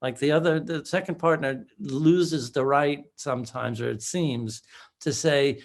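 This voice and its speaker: Man, podcast co-host; thoughtful, halting questions at a mid pitch. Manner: thoughtful, hesitant with many fillers. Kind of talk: podcast interview.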